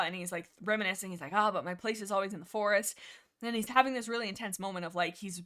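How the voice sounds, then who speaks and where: A woman's voice: medium pitch, bright, forceful tone. A woman hosting a casual book discussion livestream, reading passages aloud and gushing about them in a rambling way, often tripping over character names. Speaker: livestream host.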